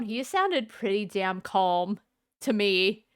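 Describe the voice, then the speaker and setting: A woman's voice: medium pitch, expressive, measured pace, clear, resonant tone. A young woman streamer giving casual let's-play commentary, chatty and sarcastic, with frequent swearing.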